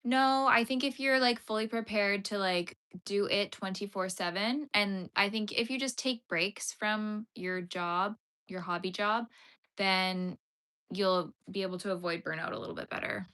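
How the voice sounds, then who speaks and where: A woman's voice: mid-range voice, measured pace, bright, forceful tone, clear, resonant tone. A young woman hosting a casual crochet livestream, chatting with viewers, giggly and full of "like" fillers. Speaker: livestream host.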